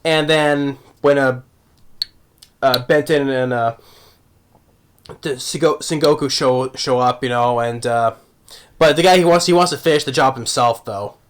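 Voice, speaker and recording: A man's voice: measured pace, long pauses, smooth. Rambling man reviewing an anime. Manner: rambling, many restarts, voice jumps up when excited and trails off low. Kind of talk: casual spoken review.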